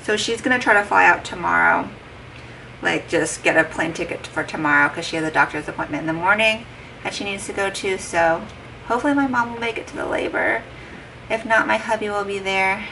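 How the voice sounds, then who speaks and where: Chatting at home to her vlog camera, a young, heavily pregnant woman retells a conversation, peppering it with "like" and quoted dialogue. She speaks a little fast at medium pitch in a creaky, sharp voice, and the distant mic catches faint background noise.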